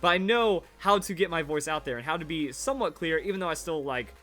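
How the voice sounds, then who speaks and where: A man's voice: a little high, expressive, quick pace, bright, forceful tone, soft background music. A man in his twenties chatting casually over his old videos, rambling and repeating himself with verbal tics. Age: 20s. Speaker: Pokemon YouTuber.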